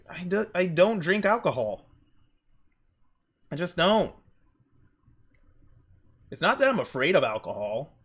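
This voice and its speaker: Animated young man with a lively voice. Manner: animated, jumps into high squeaky voices for emphasis. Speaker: artist streaming while drawing. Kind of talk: casual rambling storytelling while drawing.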